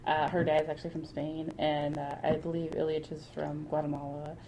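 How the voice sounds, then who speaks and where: A woman telling lively rambling anecdotes in a casual podcast interview, laughing often. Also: low-pitched, moderate pace. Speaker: guest artist. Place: anime convention. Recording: convention crowd noise behind.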